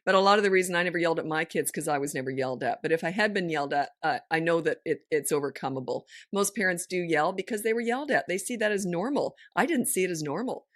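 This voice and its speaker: A middle-aged woman hosting a parenting podcast, talking frankly in casual chat and telling stories with quick asides. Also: fairly low pitch, lively intonation, no echo, studio quality. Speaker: parenting coach and podcast host.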